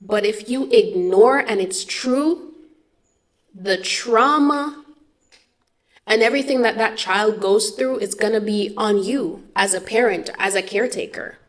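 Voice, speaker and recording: A woman host giving earnest reaction commentary and reading viewer comments in a calm, explanatory way. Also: medium pitch, unhurried.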